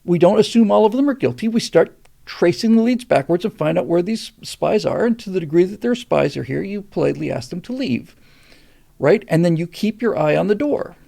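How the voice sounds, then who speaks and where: Gravelly older man, earnest host. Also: expressive, fairly quick, dark tone. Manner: earnest, builds to emphatic pitch on key points. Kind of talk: casual monologue answering a question.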